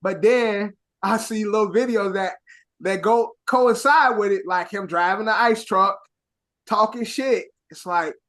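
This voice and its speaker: A young man from Chicago co-hosting a podcast in casual chat, with a Chicago accent mixed with New York slang, talking in an animated, rambling way full of swearing. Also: sits high, a little slow. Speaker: podcast co-host.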